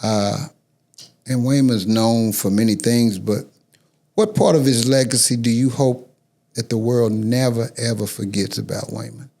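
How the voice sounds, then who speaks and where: Casting: male host, gravelly voice, measured and earnest questioning. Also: medium pitch, mellow. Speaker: podcast host. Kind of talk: interview questions.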